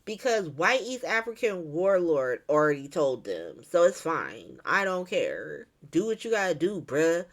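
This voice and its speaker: A woman's voice: sits low, big pitch swings, a little slow, few pauses, pitched below the performer's own voice, exaggerated voice. A woman doing a brash, scornful mob boss man. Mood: defiant. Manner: brash, dismissive slang. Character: defiant, scornful middle-aged male mob boss.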